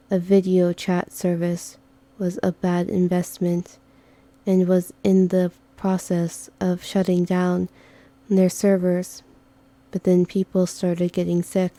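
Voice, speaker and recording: A woman voicing a low-key, dry companion character in a monotone, deadpan manner. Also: dry recording.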